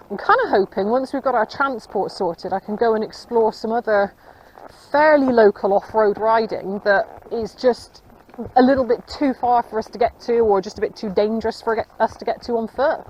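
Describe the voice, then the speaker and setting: A woman's voice: mid-range voice, a little mellow. A woman rambling casually to her viewers and her horse while riding a countryside trail, recorded on a camera mounted on her. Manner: rambling, chatty, talks to her horse between asides. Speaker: equestrian vlogger. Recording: slightly dull audio with faint outdoor noise.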